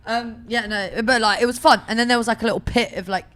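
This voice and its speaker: A young woman, a band member, chatting casually in an interview, animated, swearing and acting out what people said. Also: a little high, quick pace. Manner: animated, swearing, acts out quotes. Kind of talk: casual chat. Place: outdoor music festival.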